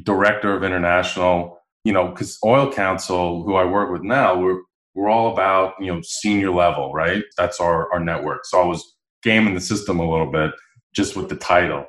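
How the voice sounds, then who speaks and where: A deep-voiced man, a podcast guest, tells stories in a casual interview at a moderate pace. He's animated and acts out the dialogue he quotes, and the recording has a roomy echo.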